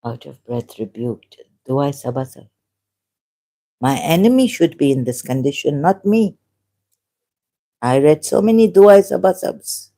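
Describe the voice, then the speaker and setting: Mellow-voiced speaker in a rambling argumentative monologue. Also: medium pitch, lively intonation, gravelly. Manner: argumentative, halting, reads verses aloud. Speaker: solo vlogger.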